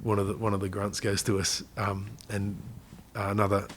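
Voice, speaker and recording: A man's voice: lowish voice, monotone, moderate pace, a little hiss or hum. An Australian man in his forties, a guest on an interview podcast, telling stories in a chatty way and laughing often. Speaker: guest, army veteran. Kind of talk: casual storytelling interview.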